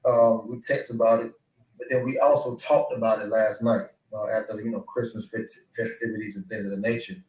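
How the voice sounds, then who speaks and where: Boxer, rambling, echoey distant clip. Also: male voice, fairly low pitch, flat delivery, a little fast, a little mellow. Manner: rambling, repeats filler phrases. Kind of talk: interview clip.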